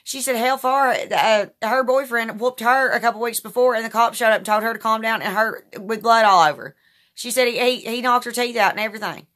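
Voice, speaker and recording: Woman, bright voice, rambling, indignant, casual monologue. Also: fairly high pitch, brisk. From Kentucky, USA. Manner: rambling, repetitive, indignant storytelling. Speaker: vlogger.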